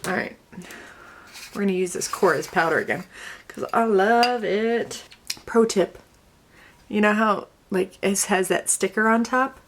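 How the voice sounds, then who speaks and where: A woman chatting through her makeup routine at a mid pitch. Her talk is casual and wry, dotted with filler likes, quick asides and small self-corrections. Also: fairly bright tone, slight background noise. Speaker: beauty vlogger. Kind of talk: casual get-ready-with-me chat.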